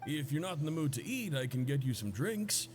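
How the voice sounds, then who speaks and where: A man's voice: on the high side, sing-song, brisk. A man voicing a polite cafeteria cook in a video game who serves a duke with courteous deference. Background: game music.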